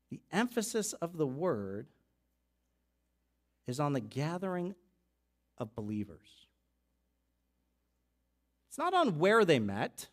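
A pastor preaching a sermon in a loose, conversational teaching voice, a man pitched a touch high. He stumbles and restarts, drops into offhand asides, then builds to louder, emphatic stretches.

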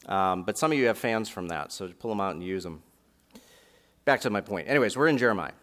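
A man preaching in a church with a bright, forceful voice. He reads scripture slowly, and he leans hard on the lines he wants to stress. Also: on the low side. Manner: preaching with dramatic slow emphasis on scripture lines. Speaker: pastor. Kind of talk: sermon. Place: warm church sanctuary.

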